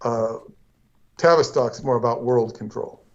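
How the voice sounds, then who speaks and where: A man's voice: medium pitch, unhurried, highs cut off. A man co-hosting a casual livestream conversation, rambling along with frequent restarts and asides. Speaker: co-host.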